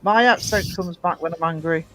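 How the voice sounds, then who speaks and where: A man's voice: fairly high pitch, moderate pace, pushed and bright, soft background music, low-quality recording. A man with a mixed Scottish and American accent, hosting a casual stream chat and reading out viewer comments. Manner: chatty, reads out viewer comments. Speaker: host reading chat messages.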